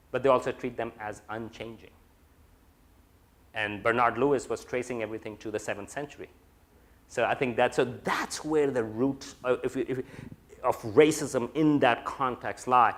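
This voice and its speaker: A man giving an academic lecture, talking in a discursive way with many fillers and restarts. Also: mid-range voice. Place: lecture room.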